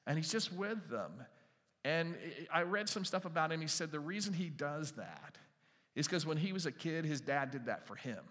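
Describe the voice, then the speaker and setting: A man preaching a sermon in a conversational storytelling way, dropping quiet for emphasis. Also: fairly high pitch, big-room sound. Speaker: pastor.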